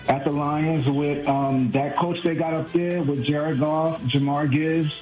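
A man's voice: fairly high pitch, fairly even intonation, unhurried, a little mellow, faint music behind, poor audio. A man from Brooklyn with a Brooklyn accent, calling in to a sports radio show, blunt and self-deprecating. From Brooklyn, New York. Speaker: caller. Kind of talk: call-in radio chat.

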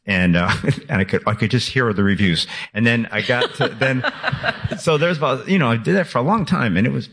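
A man in his sixties, an author speaking as a radio guest, animated and laughing, with many restarts. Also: medium pitch, fairly quick, breathy edge. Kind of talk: radio interview conversation.

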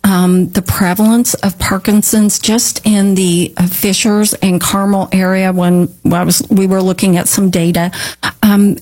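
A woman from a therapy company answering interview questions in a measured, explanatory way, with frequent ums and restarts. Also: medium pitch, darkish tone.

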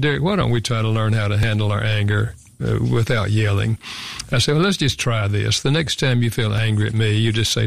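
Reflective older man with a gravelly voice. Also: on the low side, no room sound. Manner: reflective, earnest, repeats words as he talks. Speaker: guest author. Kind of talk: conversational interview storytelling.

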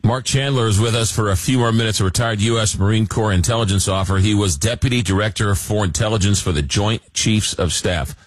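Deep husky guy hosting a radio talk show, dry close sound. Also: brisk, few pauses, no room sound.

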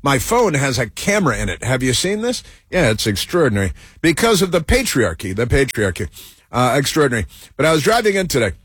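A man hosting a talk radio show, telling a story in a sarcastic, deadpan way. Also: medium pitch, a little fast, slightly rough, dry recording, clean studio sound. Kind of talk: casual talk radio monologue.

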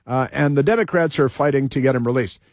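A man's voice: mid-range voice, fast, darkish tone, dry recording, studio quality. A man hosting a talk radio show, reading off a list with sarcastic, combative asides and frequent fillers.

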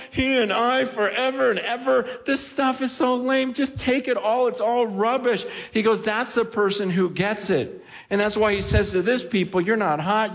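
Impassioned high-voiced male pastor, reverberant hall. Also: fairly bright tone. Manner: impassioned, voices quoted speakers. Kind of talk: sermon.

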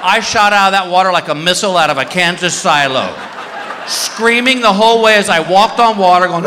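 A man doing a stand-up comedy routine, telling a story with lively shouts and voices. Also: sits high, a little fast. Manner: animated storytelling, many put-on shouts. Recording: live club with long reverb and faint noise.

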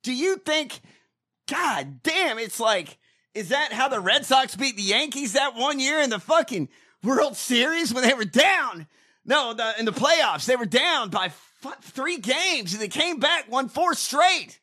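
A man ranting in a casual chat, animated and full of cursing. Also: very high voice, unhurried. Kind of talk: casual profane political rant.

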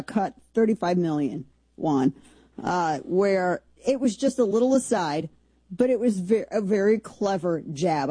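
Woman host, casual political commentary, rambling and sarcastic, husky mellow voice, dry sound. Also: fairly low pitch, no echo. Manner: chatty, rambling, sarcastic asides.

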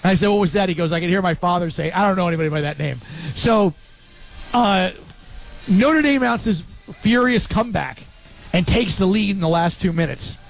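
High-voiced man telling a lively sports story. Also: creaky, soft background music. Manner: animated storyteller, quick asides. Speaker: sports radio host. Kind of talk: casual sports talk storytelling.

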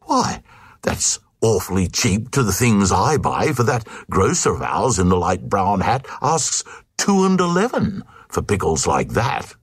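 A man's voice: big pitch swings, unhurried, slightly rough, no room sound, clean studio sound, heavily acted. A man voicing a silly queen who gushes shrilly over fine goods and furnishings. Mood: gushing. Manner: shrill gushing squeals. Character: haughty silly queen, gushing over luxuries.

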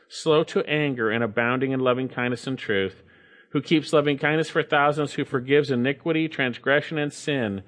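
A man's voice: fairly high pitch, a bit bright. A man preaching a sermon, reading scripture aloud and repeating key phrases for emphasis.

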